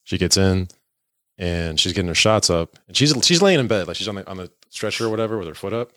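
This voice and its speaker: A man's voice: low-pitched, fast, no room sound, clean studio sound. A young man telling a casual, profane story and acting out the voices of the people in it. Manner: animated, profane, acts out voices in his stories.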